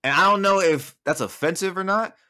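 A young man from Southern California hosting a casual podcast chat, telling stories in a loose, profane, animated way. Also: high voice, fairly quick, clear, resonant tone.

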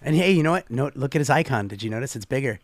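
A man co-hosting a podcast in casual chat, reading out listener comments and jumping into excited high bursts. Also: very fast, dry recording. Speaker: podcast co-host.

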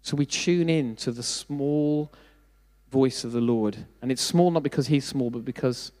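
A middle-aged preacher gives a relaxed, conversational sermon at an ordinary pitch and a slightly slow pace. He drops in self-deprecating asides and puts questions to the congregation, and the hall adds a long reverb to his voice.

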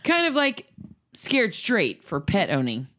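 A woman co-hosting a podcast, reading a listener's story aloud and reacting in a casual, expressive way. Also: medium pitch, unhurried. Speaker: podcast co-host.

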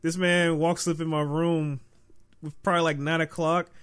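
A man's voice: a little high, little pitch movement, normal speed, fairly bright tone, clean tone. A man from the in casual chat, telling stories in a rambling, slangy way and laughing often.

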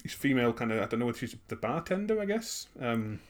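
A man co-hosting a casual podcast, laid-back and agreeable, talking haltingly with many fillers. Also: medium pitch, very animated. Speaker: podcast co-host. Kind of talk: casual chat.

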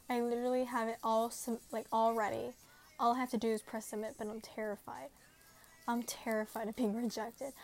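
A teenage girl rambling into her camera at home, high-voiced and gravelly with vocal fry. She's anxious and self-deprecating, with frequent nervous laughs. Her speech is loose, unscripted and full of fillers. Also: darkish tone. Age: late teens. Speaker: vlogger. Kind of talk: casual rambling monologue.

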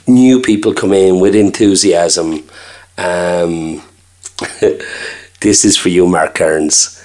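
Middle-aged Irish restaurateur, very deep voice, easy anecdotal chat. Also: male voice, fairly even intonation, slow pace, pauses often, darkish tone. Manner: chatty storyteller, acts out quoted dialogue. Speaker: restaurant owner and chef. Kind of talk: casual interview chat.

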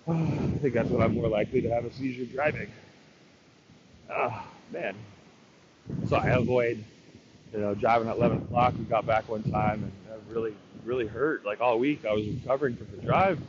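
A man's voice: medium pitch, steady tone, moderate pace, long pauses. A man telling a rambling, frustrated story in a casual vlog, often quoting himself in dialogue. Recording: lo-fi with loud background noise.

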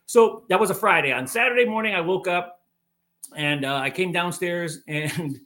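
A man's voice: high voice, moderate pace, a bit bright. A man guest on a podcast, telling a story casually and animatedly, full of filler words and acted-out quotes.

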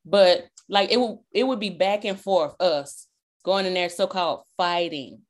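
A young woman from the South, talking loudly and expressively in a casual chat. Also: lowish voice, unhurried. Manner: loud, projecting, expressive.

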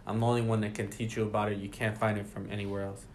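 A man's voice: lowish voice, level tone, racing, slight background noise. A man leading a casual Bible study, reading passages aloud and then explaining them in his own words. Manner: reads scripture aloud then explains it conversationally.

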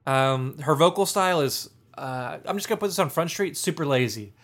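A man's voice: on the high side, lively intonation, fairly quick, a bit bright. A man co-hosting a casual music review chat, talking in a rambling way with many fillers and restarts. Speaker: podcast co-host reviewing an album.

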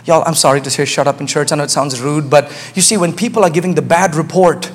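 A man preaching a sermon as pastor, swinging from hushed asides to shouted climaxes. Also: a little high, quick pace. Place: church sanctuary. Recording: hall reverb.

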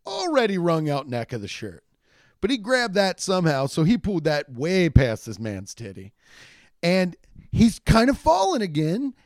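A young man rambles through a profane comic story, his pitch swinging wildly as he acts out everyone in it. His voice sits a little high for a man. The sound is close and dry. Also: moderate pace, no echo. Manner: rambling and animated, acts out shouted quotes. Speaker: comedian telling a story.

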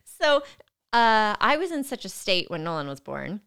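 A woman's voice: medium pitch, sing-song, moderate pace, gravelly, fairly bright tone, clear, resonant tone. A woman animatedly telling a personal story in casual chat, often breaking into laughter. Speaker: guest telling her birth story.

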